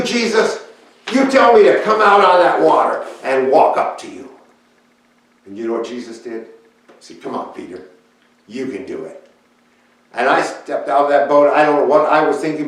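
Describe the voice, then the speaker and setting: A man speaking as the fisherman Peter, telling his story in a plain, folksy and halting way. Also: medium pitch, natural voice. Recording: echoey room, voice picked up from far off.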